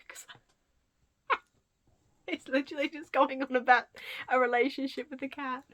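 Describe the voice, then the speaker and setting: A woman's voice: high voice, steady tone, unhurried, pauses often, a bit bright. A young woman giving casual commentary on a scandal, amused and incredulous, with whispered asides. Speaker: commentary vlogger.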